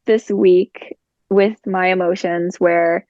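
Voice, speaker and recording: A woman's voice: on the low side, fairly even intonation, slow pace, darkish tone, dry recording. A woman guest telling a personal story in casual conversation, chatty and full of fillers. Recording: dull lo-fi recording.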